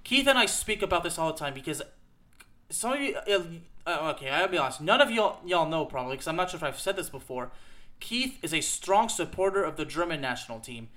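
A man's voice: on the high side, very animated, fairly quick, pushed and bright. A man hosting a show, delivering an emphatic, repetitive rant about soccer and peppering it with "okay?". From United States. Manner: emphatic, repetitive, fired-up ranting with frequent "okay?". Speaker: podcast host. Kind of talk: ranting soccer commentary.

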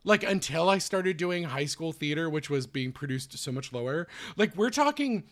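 A man hosting a podcast in casual chat, telling stories quickly with self-deprecating jokes. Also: a little high, animated. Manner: fast, joking and self-deprecating storyteller. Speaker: podcast host.

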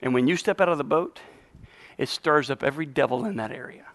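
High-pitched, fiery preaching pastor, man. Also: brisk, a bit bright, dry recording. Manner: fiery, call-and-response preaching with joking asides. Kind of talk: sermon. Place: church.

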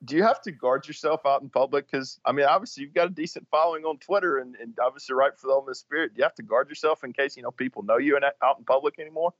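Quick, lively man on a dull line. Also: medium pitch. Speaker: podcast co-host. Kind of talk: casual sports talk. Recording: dull lo-fi sound.

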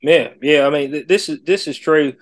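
A man's voice: on the high side, moderate pace. A man co-hosting a casual chat podcast, rambling with many restarts and slangy phrasing. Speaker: podcast co-host.

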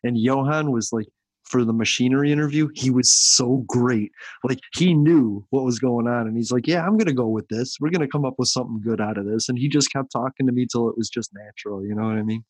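A man's voice: medium pitch, fairly quick, slightly rough, no room sound. A man co-hosting a casual podcast, joking loosely and swearing. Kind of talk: casual chat.

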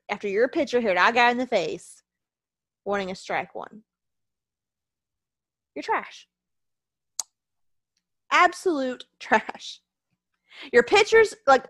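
A woman's voice: medium pitch, fairly bright tone, no room sound. A tired, ill woman co-hosting a casual wrestling podcast, ranting heatedly and swearing a lot. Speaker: podcast co-host.

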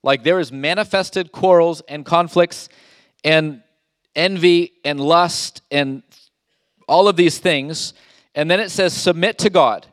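A man's voice: fairly high pitch, no room sound, clean studio sound. Emphatic male pastor preaching. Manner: emphatic, rhetorical questions, reads scripture aloud. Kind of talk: sermon.

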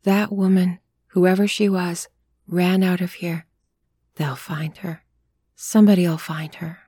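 A woman voicing a worried grown man in a story reading, speaking low and grim. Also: fairly even intonation, a little slow, dark tone, breathy edge, dry recording.

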